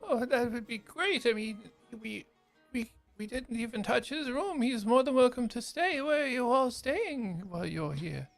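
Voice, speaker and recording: A high, gravelly old father gushes over his long-lost son, put on by a man running the game. He chuckles between lines, and his pitch swings widely. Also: expressive, normal speed, no room sound, soft background music, full character voice. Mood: doting. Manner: gushing, chuckling often. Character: effusive elderly father, doting shopkeeper. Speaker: game master.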